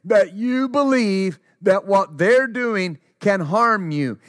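A male preacher with a notably high voice delivers a sermon at a slow, deliberate pace. He drives his points home by repeating short phrases. The sound is dry, with no room echo. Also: expressive. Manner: emphatic, repeats phrases for stress.

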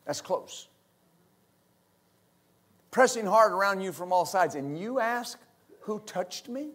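High-voiced preacher man. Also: expressive, slow, fairly bright tone. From West Texas. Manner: fervent preaching with frequent amens and hallelujahs. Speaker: pastor. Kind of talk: sermon.

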